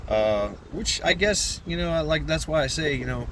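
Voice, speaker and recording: A man's voice: on the high side, expressive, normal speed, background noise. A man talking casually to his channel's viewers, rambling and swearing, often repeating his words. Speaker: channel creator. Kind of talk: casual vlog monologue.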